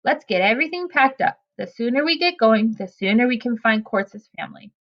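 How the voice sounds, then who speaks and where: Woman playing a squeaky, excitable boy. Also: fairly quick, lo-fi sound. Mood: hasty.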